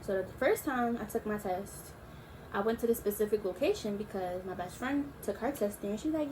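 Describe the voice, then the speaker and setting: A young woman in her early twenties chatting casually as a YouTuber, telling a storytime in a relaxed, slangy way with drawn-out asides. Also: mid-range voice, slight background noise, rough recording. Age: young adult.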